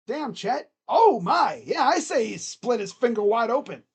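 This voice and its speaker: Casual live reaction host, mid-pitched and rambling, stretches out play calls and chats between them. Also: animated, slightly rough. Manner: rambling, joking, talks to himself between plays; drawn-out play calls during game action. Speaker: sports reaction streamer.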